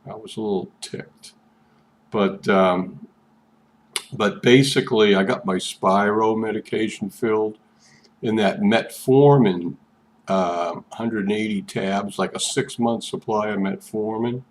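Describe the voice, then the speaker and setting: A man's voice: fairly low pitch, steady tone, a little slow. An older man talking through a rambling personal vlog, chatty and meandering, often repeating himself. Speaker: vlogger.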